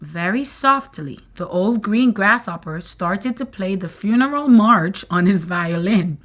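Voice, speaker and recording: A woman reading a children's book aloud, expressive and animated. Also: mid-range voice, a little slow. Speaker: reader.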